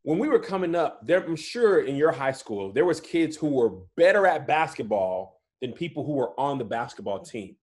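Man, comedian guest, podcast chat, lively swooping pitch, slightly high voice. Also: normal speed, few pauses. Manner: animated storytelling, often says "you know what I'm saying".

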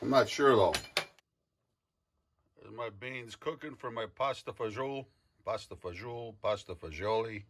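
A man's voice: on the low side, moderate pace, long pauses, a bit bright. An older man hosting a casual cooking demonstration, talking in a rambling, folksy way full of fillers and restarts. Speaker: cooking show host.

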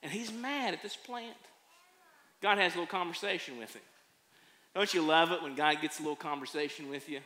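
A man who preaches a sermon as a pastor, telling stories with folksy humor and animated delivery. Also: on the high side, a little fast. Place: church sanctuary. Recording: echoey church sanctuary.

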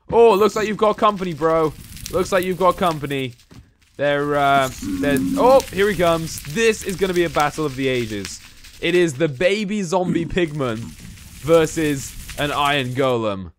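A man's voice: fairly high pitch, fairly bright tone, a little hiss or hum. A young man from England giving chatty Let's Play commentary, talking to the characters in the game and yelping when startled. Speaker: gaming YouTuber.

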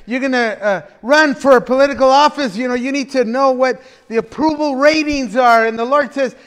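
A man's voice: extremely high pitch, a little fast, a bit bright, clean tone. A man preaching a conversational sermon as pastor, chatty and folksy, with frequent laughter and restarts. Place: church sanctuary. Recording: reverberant church hall.

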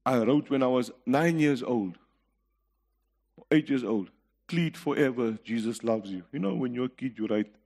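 In a large hall, a middle-aged guest speaker with South African English delivers a testimony-filled sermon, earnestly telling stories and laughing between his points. His darkish voice is mid-range and moderately paced.

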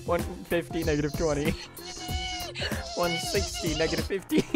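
A woman's voice: on the low side, very animated, moderate pace, over loud music. A young woman chatting with friends while gaming, shrieking and giggling in fright. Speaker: gamer.

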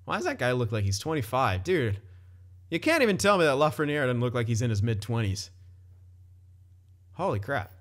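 A man's voice: medium pitch, big pitch swings, normal speed, long pauses. A young man casually commenting on his own hockey game, chatty, often laughing and swearing loosely. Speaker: gaming commentator.

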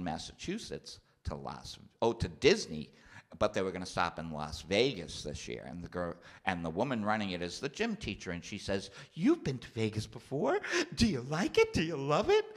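A man in his fifties, a comedian telling stories in a studio chat and acting out the people in them. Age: 50s. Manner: animated, acts out characters in a high loud voice. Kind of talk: stand-up storytelling chat. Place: TV studio with live audience.

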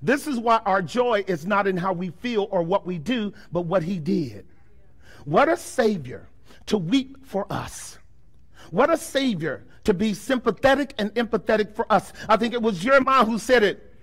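Man, pastor, sermon, very high voice, emphatic, rhetorical questions, loud-to-soft swings. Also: big pitch swings. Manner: swings from loud, forceful declarations to soft, slow passages.

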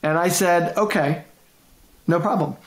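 Animated middle-aged man in an echoey room. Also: fairly high pitch, measured pace. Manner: animated, repeats and restarts, laughs often, acts out quotes. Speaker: guest, management consultant and author. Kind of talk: conversational interview storytelling.

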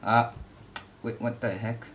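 A young man giving casual gameplay commentary, excitable and yelping at the game. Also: medium pitch, slow, slight background noise. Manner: excitable, yelps and shrieks at the game. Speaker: gaming YouTuber.

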